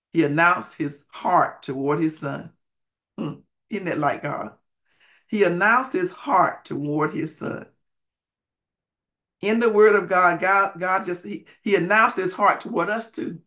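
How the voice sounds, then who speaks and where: High bright-voiced guy preaching a sermon, repeats his lines, goes loud then soft, folksy grammar. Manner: emphatic, repeats key phrases, swings between loud and hushed.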